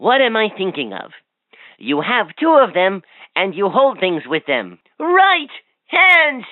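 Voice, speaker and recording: A woman's voice: mid-range voice, huge pitch swings, slow pace, dry recording. A woman voicing a cheerful, chatty talking toy that quizzes and teases a child in a playful sing-song. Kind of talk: toy voice lines. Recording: tinny, dry toy speaker audio.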